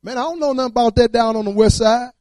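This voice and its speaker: A man's voice: very high-pitched, fast talker, darkish tone, dry recording. A man telling his testimony in church, storytelling with fervor and colloquial speech. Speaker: testimony speaker.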